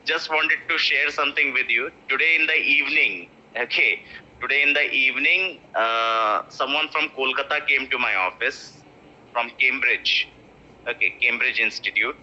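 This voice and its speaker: A man teaching pronunciation, repeating words slowly to stress syllables. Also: mid-range voice, pushed and bright. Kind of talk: spoken English lesson. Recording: muffled lo-fi audio.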